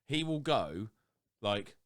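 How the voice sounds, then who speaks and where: Young man, low voice, very lively pitch, blunt sweary podcast banter. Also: slow. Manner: blunt and sweary, jumps to high-pitched impressions. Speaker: podcast co-host. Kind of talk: casual chat.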